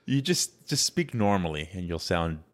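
Deep-voiced rambling podcast man. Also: sing-song, normal speed. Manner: rambling, full of fillers and restarts, laughs easily. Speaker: podcast co-host. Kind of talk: casual chat.

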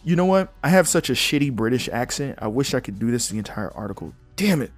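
A man's voice: mid-range voice, very animated, fast, no room sound, faint music behind. A young man hosting a podcast alone, talking casually and bluntly, reading news articles aloud and breaking in with his own opinions. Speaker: podcast host. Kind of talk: casual solo commentary.

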